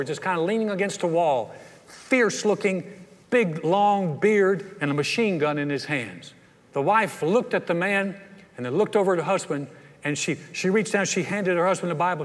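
A man preaching a sermon as pastor, telling a story in an animated way and acting out the voices, then leading a quiet altar call. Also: on the high side. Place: church sanctuary. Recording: hall reverb.

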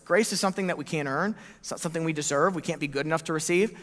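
A man preaching a sermon as pastor, telling the story in an animated way and acting out the quoted lines. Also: on the high side, fast, hardly any pauses. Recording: echoey hall reverb.

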